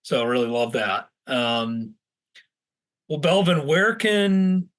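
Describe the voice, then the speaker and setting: Halting, friendly-sounding male podcast host. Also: mid-range voice, expressive, fairly bright tone. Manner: halting, restarts often while forming questions. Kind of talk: conversational interview questions.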